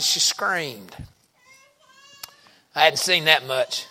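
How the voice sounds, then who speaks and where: A middle-aged man, a pastor telling stories in a sermon with folksy, colloquial phrasing and bursts of loud emphasis. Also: mid-range voice, slow pace, pauses often. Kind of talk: storytelling sermon.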